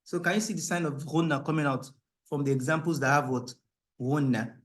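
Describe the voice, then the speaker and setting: A man teaching Quran recitation rules, explaining in a questioning style and breaking into a higher, louder chant for the verses. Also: a little fast. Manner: asks the class rhetorical "what?" questions. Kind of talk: tajweed lesson, explaining and reciting.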